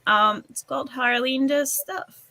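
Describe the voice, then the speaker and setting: A woman's voice: high voice, measured pace, bright, forceful tone, dry recording. A young woman co-hosting a livestream in casual group chat, trailing off with fillers and giggles. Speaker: stream co-host.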